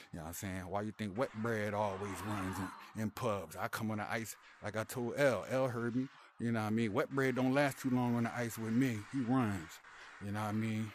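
A man's voice: lowish voice, fairly even intonation, normal speed, background noise. A young man trash-talking casually while playing a VR hockey game, boastful and slangy, laughing often, on a headset mic. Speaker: VR hockey player.

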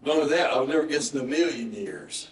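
Pastor preaching in an echoey church. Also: male voice, medium pitch, lively intonation, a little fast, slight background noise. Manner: earnest storytelling, often dropping to a hushed, emotional tone. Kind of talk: sermon with personal story and altar call. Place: church sanctuary. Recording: roomy church sound from a distant mic.

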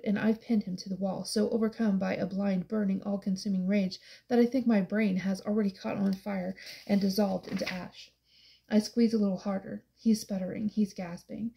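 A woman's voice: mid-range voice, vocal fry, warm tone. A woman giving an intense, dramatic first-person audiobook narration.

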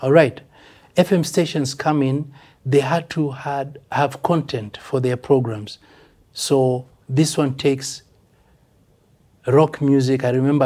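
An older Kenyan man with a mellow, slightly husky voice talks bluntly and with emphasis. He sounds like a veteran musician in a relaxed interview, now and then slipping into Swahili phrases. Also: medium pitch. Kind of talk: casual interview talk.

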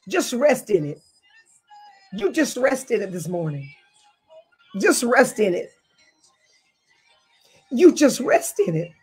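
A woman pastor preaches a fervent online sermon to a screen, full of repeated declarations and at times tearful, close to crying. Her voice is a little high, mellow and husky.

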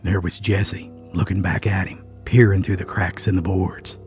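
Low-voiced man telling a dark folk tale. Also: level tone, normal speed. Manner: suspenseful, folksy storytelling with emphatic asides. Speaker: storyteller. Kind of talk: dramatic scripted narration. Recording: faint music underneath.

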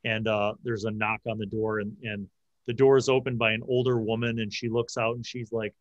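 Male GM, halting narration, dry close sound. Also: on the low side, flat delivery, no room sound, muffled recording. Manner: halting, frequent restarts. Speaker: game master. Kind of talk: narrating a tabletop game.

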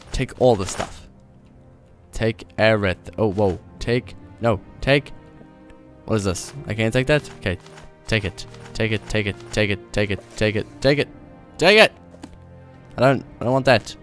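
Chatty man narrating his gameplay. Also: lowish voice. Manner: chatty, playful, talks to himself while playing. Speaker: gaming video host. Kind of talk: casual let's-play commentary. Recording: faint game music behind.

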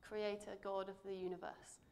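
Preaching in church, a woman reads scripture in a mid-range, creaky voice with a flat delivery. She speaks in a measured, earnest way, her voice dropping softly for emphasis.

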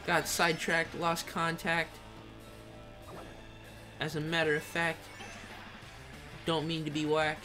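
Young male streamer, fairly high voice, hyped slangy trash talk over faint game music. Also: monotone, slow pace, long pauses. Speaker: gaming streamer. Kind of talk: live gameplay commentary while reading chat.

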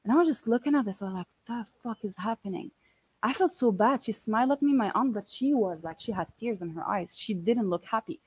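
A woman in her twenties telling a personal story in an interview, animated and blunt, often quoting what people said. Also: on the high side, quick pace, few pauses, slightly rough, no echo, rough recording. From Canada. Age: 20s. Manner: animated, quotes others often, swears casually. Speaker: guest.

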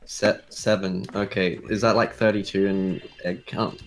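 A man's voice: deep voice, little pitch movement, measured pace, soft background music, low-quality recording. A young man chatting casually with friends during a game race, hesitant and rambling. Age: young adult. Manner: hesitant, rambling, laughs often. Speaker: player.

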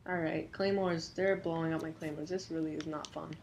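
This gameplay commentator is a woman whose voice runs unusually deep and gravelly for her sex. Jumpy and excited, she shoots out rapid exclamations and replaces curses with silly minced oaths, over a faint background hiss.

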